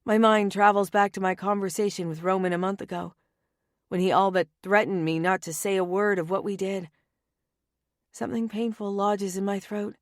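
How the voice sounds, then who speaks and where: A woman narrating a first-person romance audiobook in a wry, anxious and often hushed manner, on a close studio mic. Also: medium pitch, steady tone, normal speed, no room sound.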